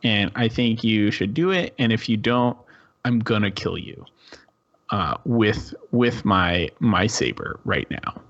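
A man puts on a gruff pirate woman who rattles her saber and bosses a moping friend around. She talks low and unhurried, blunt and scolding. The sound is a bit dull and lo-fi. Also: lively intonation, exaggerated voice. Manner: bossy, scolding. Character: tough female pirate captain with a saber, blunt.

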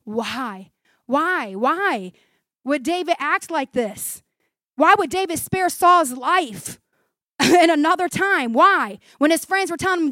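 A woman in her forties preaching a sermon in an animated way, acting out the voices from scripture and laughing often. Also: sits high, moderate pace, no echo.

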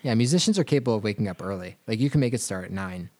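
A man's voice: fairly low pitch, lively intonation, racing, a little mellow. A man from Virginia co-hosting a podcast, chatting casually and rambling with fillers and restarts. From Virginia, USA. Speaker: podcast co-host.

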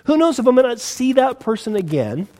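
A man's voice: very high-pitched, sing-song, a little fast, a little mellow, long reverb tail. A man with an American accent preaching a sermon as pastor, in a conversational way with rhetorical questions and repeated words. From United States.

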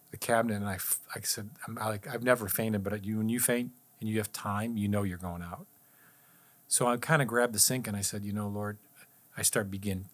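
A middle-aged man earnestly telling a faith testimony in casual conversation, acting out his own pleas. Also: lowish voice. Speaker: guest sharing testimony.

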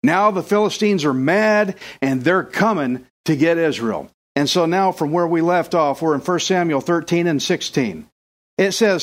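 A male pastor delivering a sermon with animated storytelling. His speaking voice sits fairly high for a man, and he slips into character voices as he tells a tale. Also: moderate pace.

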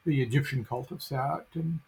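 A man's voice: medium pitch, normal speed, creaky, a little mellow, slight background noise, poor audio. A middle-aged man telling a long story as an interview guest, with a rambling, anecdotal delivery full of fillers and restarts. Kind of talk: casual storytelling.

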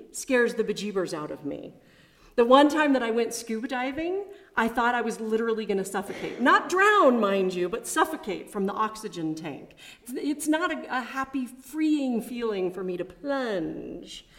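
Slow, measured woman preaching. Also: a little high. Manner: slow, measured and reflective, with personal asides. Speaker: chapel preacher. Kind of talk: sermon.

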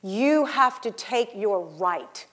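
A middle-aged woman preaching a sermon, telling stories and acting out the voices in them, rising to loud exhortation. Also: medium pitch, animated, slow pace. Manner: acts out voices in her stories.

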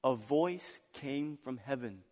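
A man preaching a sermon as pastor, telling family stories with laughter and swinging between loud, excited passages and soft, hushed ones. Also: mid-range voice, takes it slowly. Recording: long hall reverb.

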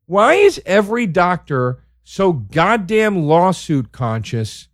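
A man's voice: high-pitched, sing-song, slow pace, no echo. Profane ranting man, dry close sound. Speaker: podcast host. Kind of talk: casual comedic monologue.

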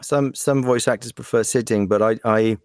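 Playful, animated English voice actor. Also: male voice, mid-range voice, normal speed, dry recording, clean studio sound. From West Country, England. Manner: animated, playful, slips into accents. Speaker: voice actor, podcast guest. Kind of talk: casual interview chat.

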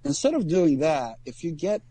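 A man co-hosting a podcast, talking casually in a halting way with many ums and restarts. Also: a little high, very animated, mellow. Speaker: podcast co-host.

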